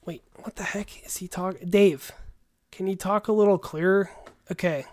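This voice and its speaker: A man's voice: sits high, fairly even intonation, normal speed, darkish tone. A man hosting a livestream who talks in a casual, rambling way and calls people "dude". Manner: laid-back, rambling, says "dude" often. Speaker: livestream host.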